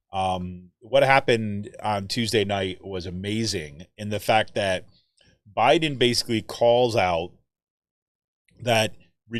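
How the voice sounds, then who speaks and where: A man hosting a political podcast, talking in an animated, rambling way with lots of fillers and tag questions like "right?". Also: medium pitch, no echo, clean studio sound. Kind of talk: casual political commentary.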